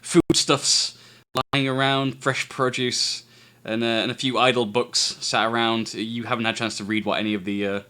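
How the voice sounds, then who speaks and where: A man's voice: medium pitch, little pitch movement, moderate pace, pushed and bright, clean tone. A man, narrating a tabletop game as game master. He stammers and restarts often and chuckles a lot.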